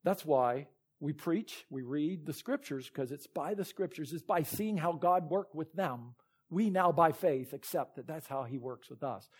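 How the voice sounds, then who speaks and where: A man's voice: a little high, animated, a little slow, breathy edge. A man preaching a sermon as pastor, reading scripture and retelling Bible stories with earnest emphasis.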